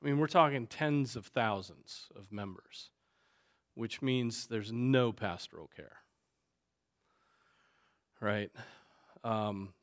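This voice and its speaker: A man, a pastor, teaching a Sunday school class in a conversational way, often stopping to ask "right?" and filling pauses with "um" and "you know". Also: fairly low pitch. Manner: conversational, many fillers and tag questions. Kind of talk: unscripted Bible class teaching.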